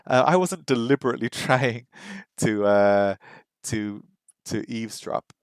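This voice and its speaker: A man's voice: medium pitch, unhurried, smooth, no room sound. Chatty man thinking aloud, dry sound. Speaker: language learner streaming his practice. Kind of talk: casual livestream chat.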